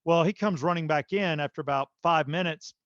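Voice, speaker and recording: A man hosting a podcast, telling a long story in a casual, animated way with lots of fillers. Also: a little high, fairly quick, dry recording, highs cut off. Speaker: podcast host.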